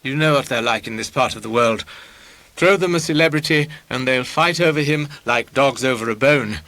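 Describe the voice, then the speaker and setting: A man's voice: medium pitch, normal speed, pushed and bright, no room sound. A man voicing a pompous, self-satisfied young male artist with a smarmy, condescending manner. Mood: fawning.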